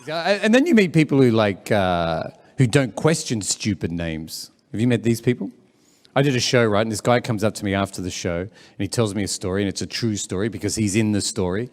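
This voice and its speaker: A man's voice: lowish voice, animated, fairly quick, long reverb tail. A man hosting an event as a comedian, chatty and teasing the crowd live. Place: live event room with audience.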